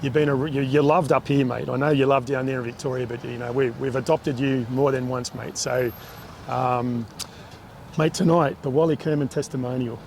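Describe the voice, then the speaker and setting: A gravelly-voiced Australian man doing casual interviews in the pits at a speedway. He keeps things matey and chatty and likes to tease his guests. Faint outdoor noise runs under his voice. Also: mid-range voice, fairly even intonation, moderate pace. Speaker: trackside interviewer. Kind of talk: casual pit-side interview.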